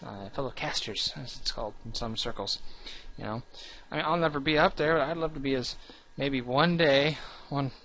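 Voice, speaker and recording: A young man with a slightly high voice, talking casually about his gaming channel. He rambles, restarts often and puts himself down. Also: fairly bright tone, a little hiss or hum. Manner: rambling, restarts often, earnest and self-deprecating.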